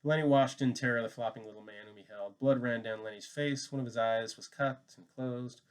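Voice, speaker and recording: A man reading a novel aloud as narrator, in a measured, steady way. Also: mid-range voice, smooth. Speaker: audiobook reader.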